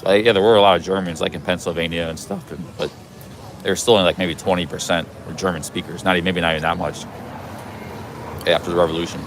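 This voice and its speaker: Deep-voiced man rambling on a city street. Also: steady tone, quick pace, background noise. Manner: rambling, chatty, many restarts. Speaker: travel vlogger live-streaming. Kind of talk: casual walking live stream. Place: busy city street outdoors.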